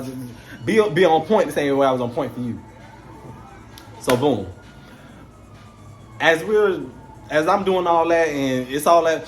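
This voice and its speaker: A young man in the middle of a storytime, talking straight to his viewers in loose, slangy speech full of curses. His voice sits at an ordinary middle pitch. Behind him there is a faint background hum. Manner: animated, swears freely, slangy street talk. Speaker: vlogger telling a story. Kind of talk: casual storytime.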